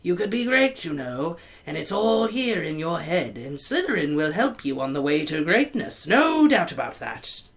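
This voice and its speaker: A reader voicing an old magical talking hat that ponders slowly and murmurs its thoughts in a storybook reading. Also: medium pitch, very animated, gravelly. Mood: musing. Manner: slow, murmuring, musing.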